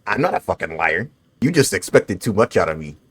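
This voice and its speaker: A man in his twenties with a lowish voice gives laid-back, swear-heavy commentary while he plays a game. He chats loosely with his viewers between fights and is bothered by the hiccups. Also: sing-song, a little fast, breathy edge. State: has the hiccups. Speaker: gaming streamer. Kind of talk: casual gameplay commentary.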